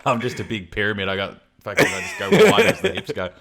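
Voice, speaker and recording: A man's voice: on the low side, big pitch swings, quick pace, creaky, a crowd in the background. A man co-hosting a podcast in casual chat, teasing his friend and laughing often. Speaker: podcast co-host.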